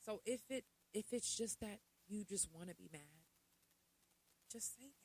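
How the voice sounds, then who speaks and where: A woman's voice: medium pitch, animated, normal speed, darkish tone, slightly rough, poor audio. A middle-aged woman hosting a podcast, talking casually to her listeners and asking a lot of rhetorical questions. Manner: conversational, full of rhetorical questions and asides. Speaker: podcast host.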